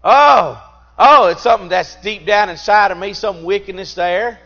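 A fervent middle-aged male preacher with a high, bright, forceful voice. He swings from loud, emphatic peaks down to quiet, confiding asides. The recording is a bit dull and lo-fi, with faint music underneath. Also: normal speed, vocal fry. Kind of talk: sermon.

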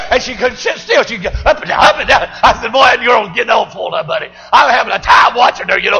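An older man, preaching a fiery sermon in a church and shouting and whooping with exuberance. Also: extremely high pitch, fast talker, creaky, some chatter behind, rough recording. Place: church service.

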